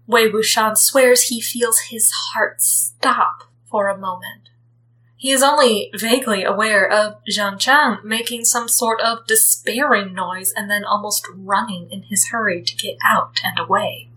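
A woman reading a story aloud as narrator, gentle and expressive. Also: medium pitch, a little slow, rough recording. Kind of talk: reading fan fiction aloud.

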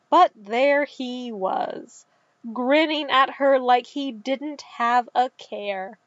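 Calm woman narrator, slow measured reading, dull dry recording. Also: fairly high pitch, no room sound. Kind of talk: scripted narration.

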